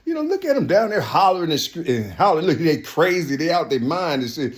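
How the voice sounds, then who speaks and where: A loud, shrill braggart who jeers and taunts, as a man puts him on. The voice jumps well above his own pitch and pushes out forcefully. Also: sing-song, fast. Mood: jeering. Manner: loud, jeering, high-pitched. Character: mocking, boastful man taunting broke people.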